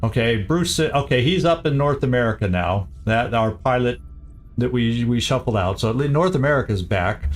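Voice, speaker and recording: A man talks through his game plans as he streams, his voice sitting at an ordinary middle pitch. He mutters, restarts and repeats words as he thinks aloud. Faint game music plays underneath. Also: animated, normal speed. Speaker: gaming streamer. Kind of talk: casual gameplay commentary.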